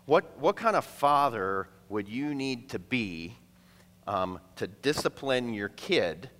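A man preaching a sermon to a congregation, conversational and playful, acting out quick asides between the teaching. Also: mid-range voice, big pitch swings, fairly bright tone. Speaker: pastor. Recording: long hall reverb.

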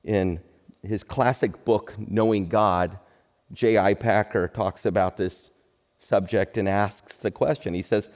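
A middle-aged man, a pastor, giving a recorded sermon in a relaxed, joking, conversational way. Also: fairly low pitch, slow, long reverb tail.

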